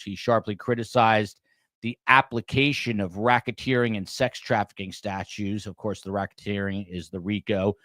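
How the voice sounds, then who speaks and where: A man with a fairly low voice hosts a true crime show, giving commentary on a court case. He reads quotes aloud and then adds his own asides. The recording is dry and close. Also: steady tone, moderate pace, pushed and bright, no echo.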